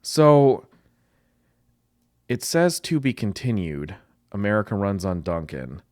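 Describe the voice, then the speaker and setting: A man's voice: lowish voice, big pitch swings, takes it slowly, darkish tone, dry recording, clean studio sound. A man, a marketing professor, giving blunt and exasperated commentary as he reacts to and grades a commercial. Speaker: marketing professor reviewing ads.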